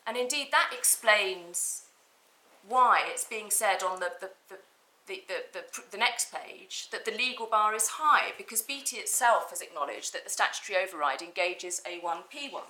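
A woman's voice: mid-range voice, lively intonation, normal speed, sharp tone, low-quality recording. A woman barrister making methodical legal submissions in an appeal courtroom, reading from documents with some restarts.

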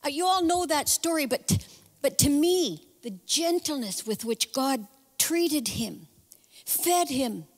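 A woman giving a sermon as guest speaker, telling the story in a lively, conversational way with casual asides. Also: sits high, slow, big-room sound. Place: church sanctuary.

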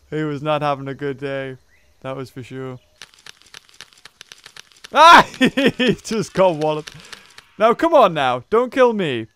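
A man giving excitable let's play commentary, laughing, yelping and muttering to himself as he plays. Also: a little high, a little slow, smooth. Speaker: gameplay commentator.

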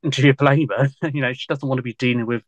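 A man's voice: mid-range voice, steady tone, fast, dry recording, muffled recording. A man, a guest historian in a casual podcast interview, talking in a loose, rambling way full of fillers and frequent laughs.

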